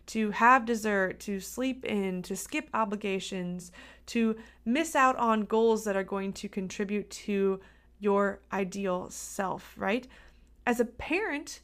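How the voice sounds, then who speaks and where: An upbeat woman hosts her own podcast, chatting directly to listeners like a coach. Her voice sits in a mid pitch, and she sounds friendly and encouraging. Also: takes it slowly, a bit bright. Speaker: podcast host and dietitian. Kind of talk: solo podcast talk.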